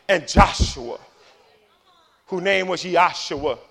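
A man preaching a passionate sermon, swinging from low murmurs to loud emphatic declarations. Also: lively intonation, normal speed, creaky.

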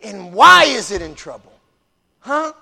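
Preacher man, high bright voice, fired up and repeating himself. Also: big pitch swings, measured pace, vocal fry. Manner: emphatic, repetitive, builds to shouting. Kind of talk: preaching-style casual talk.

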